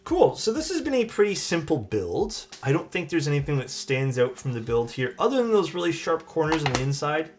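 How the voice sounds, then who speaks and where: A man's voice: a little high, very animated, fairly quick, few pauses. A young man chatting loosely with viewers while building a keyboard on a live stream, rambling and swearing casually.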